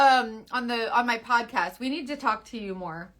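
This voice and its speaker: A woman in her thirties talking through a makeup tutorial in a chatty, playful, coaxing way, often dropping to a soft near-whisper. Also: on the high side, moderate pace, hardly any pauses, a little hiss or hum. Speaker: makeup seller.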